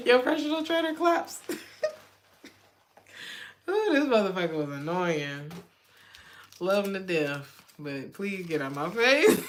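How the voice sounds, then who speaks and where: A woman's voice: fairly high pitch, a little hiss or hum. A woman giving a casual tarot reading, blunt and loose-tongued, swearing freely and laughing often. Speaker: tarot reader.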